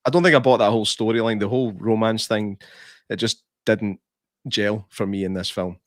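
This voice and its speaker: A man's voice: lowish voice, steady tone, a little fast, dry recording, studio quality. A man, co-hosting a podcast in a casual film review chat, laughing often and restarting his sentences. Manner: chatty, laughs often, many restarts and fillers. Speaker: podcast co-host.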